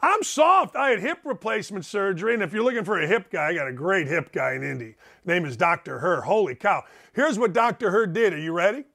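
A man's voice: high voice, expressive, a little fast, vocal fry, hardly any pauses, pushed and bright. A middle-aged man hosting a sports talk show from home, ranting in an emphatic, sarcastic and digressive way. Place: home studio.

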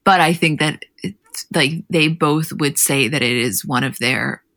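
Female podcast co-host, bright tone, casual animated chat. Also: low voice. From New Jersey. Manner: animated, chatty, quick asides.

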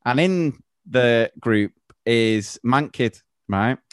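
A man's voice: medium pitch, expressive, very slow, clean tone, no room sound, studio quality. A man who teaches primary school, hosting a podcast and chatting casually with anecdotes and frequent laughter.

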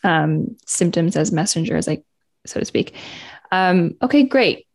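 A woman's voice: fairly low pitch, expressive, measured pace, creaky, darkish tone. A woman hosting an interview who reflects on what her guest has said and then moves the talk along. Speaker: host.

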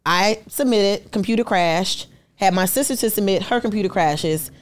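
A woman in her thirties, a podcast guest, telling her story in a lively, animated way and acting out the people in it. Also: mid-range voice, moderate pace. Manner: lively storyteller who acts out quoted voices. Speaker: podcast guest, artist and entrepreneur. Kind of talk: animated storytelling in casual conversation.

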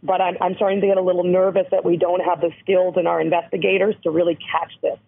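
A woman from Canada with a hoarse voice, speaking earnestly as an interview guest who educates on abuse prevention. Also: lowish voice, little pitch movement, fast. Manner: earnest, emphatic, explanatory. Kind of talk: interview over the phone. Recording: tinny phone line.

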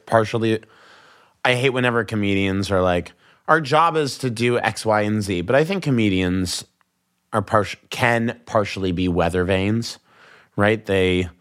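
A comedian, a man, chatting as a podcast guest and telling jokes in an animated way with quick asides. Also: on the low side. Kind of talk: casual podcast conversation.

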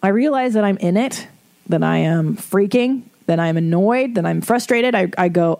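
A woman's voice: medium pitch, moderate pace, mellow. A middle-aged woman hosting an advice podcast, talking bluntly and casually, swearing and laughing as she rambles. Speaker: podcast host giving advice.

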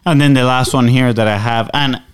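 A man co-hosting a casual business podcast, talking in an animated way and stressing his points. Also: mid-range voice, a little fast. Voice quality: smooth, animated delivery. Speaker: podcast co-host.

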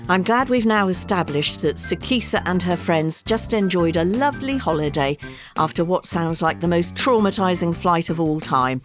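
Woman narrator, scripted comedy narration, wry and teasing, lively swooping pitch, slightly low voice. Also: normal speed, over music. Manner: wry, teasing comments between segments. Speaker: show narrator.

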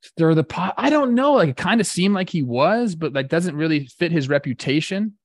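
A man's voice: fairly high pitch, big pitch swings, normal speed, dry recording. A man cohosting a sports talk show, laid-back and filled with 'like' and 'dude'.

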